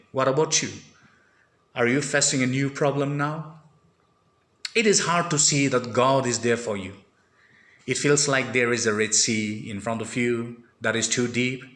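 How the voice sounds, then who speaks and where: A man's voice: mid-range voice, bright, forceful tone. A man preaching a sermon, reading scripture aloud and then earnestly applying it to his listeners. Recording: echoey room.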